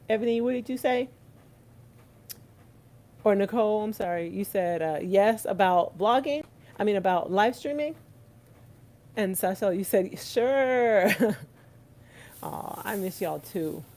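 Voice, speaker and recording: A woman's voice: mid-range voice, animated, slow pace, long pauses, darkish tone, rough recording. A woman chatting casually with her livestream viewers while she cooks in her home kitchen, laughing often and talking to them directly. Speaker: vlogger hosting a livestream. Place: home kitchen, rain outside. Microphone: phone set on the counter.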